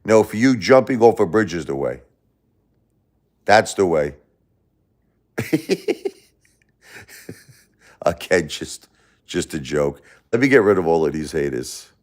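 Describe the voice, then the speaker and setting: A man hosting a live stream, angrily lecturing and insulting a chat commenter with lots of profanity, swinging between loud outbursts and low muttering. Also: expressive, normal speed. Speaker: livestream host reading chat. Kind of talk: livestream rant at a chat commenter.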